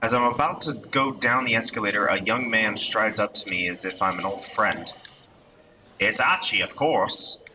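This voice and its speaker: A man reading a visual novel aloud with expressive, lightly comic narration. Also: fairly low pitch, moderate pace, a little hiss or hum, poor audio. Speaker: let's-play reader.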